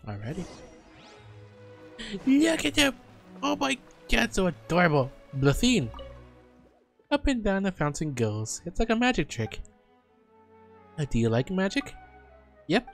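Streamer doing a casual playthrough, with a mid-range voice and an animated delivery. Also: mid-range voice, unhurried, vocal fry, pauses often, soft background music. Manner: reads game dialogue aloud, gushes at cute characters. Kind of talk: casual game playthrough commentary.

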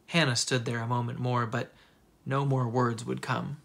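A teacher reading a children's picture book aloud with expressive narration. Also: mid-range voice, moderate pace, creaky, background noise. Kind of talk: storybook read-aloud.

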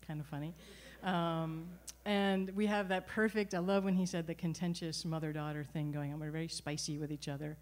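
A middle-aged woman telling a personal story at a live storytelling event, conversational and animated, with frequent restarts. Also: sits low, normal speed, few pauses. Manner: conversational, animated, self-correcting.

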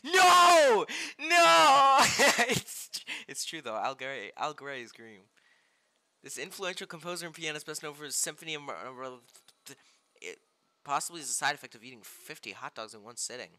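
A young man streaming a game live, reading cards aloud and reacting excitably, often yelping loudly in dismay. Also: medium pitch, brisk.

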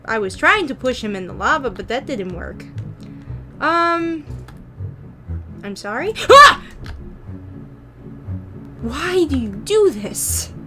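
Bright-voiced playful young woman gamer. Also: high voice, sing-song, takes it slowly, long pauses, faint music behind. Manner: playful, talks to herself, sudden squeals and jokey taunts. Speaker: gaming YouTuber. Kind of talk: casual Minecraft commentary.

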